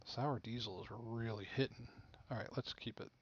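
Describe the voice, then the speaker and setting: A laid-back man thinks out loud as he plays a game, half muttering his plans. His voice sits at an ordinary middle pitch. The recording sounds a little dull and muffled. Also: moderate pace, slight background noise. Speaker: game streamer. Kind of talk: casual gameplay commentary.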